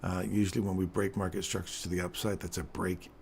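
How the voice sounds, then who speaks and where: A man's voice: sits low, level tone, quick pace, creaky, darkish tone, a little hiss or hum. A man hosting a live trading stream, explaining chart setups in a casual, joking way with a groggy morning voice and frequent "right?" check-ins.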